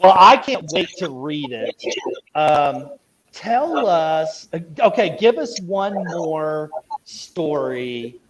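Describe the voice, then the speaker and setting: A man's voice: on the high side, sing-song, very slow, low-quality recording. A man hosting a podcast, chatting casually and easygoing with his guest. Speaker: podcast host. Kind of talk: casual interview chat. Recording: crowd chatter behind.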